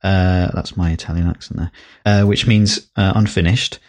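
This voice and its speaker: A deep, steady male voice at moderate pace, a little mellow. He's a podcast co-host in a casual chat, rambling along with many fillers and restarts.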